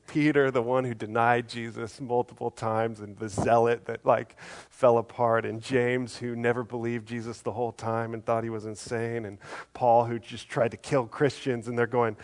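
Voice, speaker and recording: A male pastor delivering a sermon with an earnest, conversational manner. He talks as if chatting with his congregation and slips into quick acted-out voices for the people he quotes. His voice sits at an ordinary middle pitch for a man. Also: fairly even intonation. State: briefly choked up.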